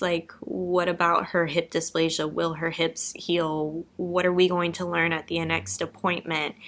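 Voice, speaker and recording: Candid young woman, low-pitched, emotional. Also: a bit bright. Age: young adult. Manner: candid, emotional, swears casually. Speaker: vlogger. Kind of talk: candid personal vlog.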